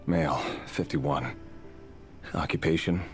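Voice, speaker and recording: An actor voicing a tired male intelligence agent reading through files in a flat, routine way. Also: very deep voice, slow pace, over music. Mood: weary routine.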